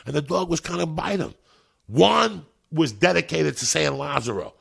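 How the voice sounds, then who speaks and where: A man in his fifties with a deeply gravelly voice tells stories in casual podcast talk. His tone is rough and breathy, and his delivery is loud and animated, full of swearing and repeated words. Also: normal speed. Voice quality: gravelly, husky. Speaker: podcast guest, comedian. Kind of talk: profane storytelling in casual chat.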